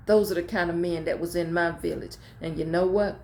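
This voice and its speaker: Her voice is on the low side and darkish, brisk with fairly even intonation, recorded in an echoey room with slight background noise. This middle-aged pastor shares heartfelt stories with viewers informally, using loose grammar and repeated phrases for emphasis.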